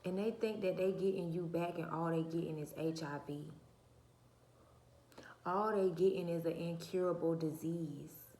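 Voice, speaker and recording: A soft-spoken woman talking to her viewers in a casual, preachy monologue full of rhetorical questions. Her voice is low and cracking. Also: steady tone, normal speed, roomy sound. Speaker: channel host. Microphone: phone or camera mic, her own mic uncharged.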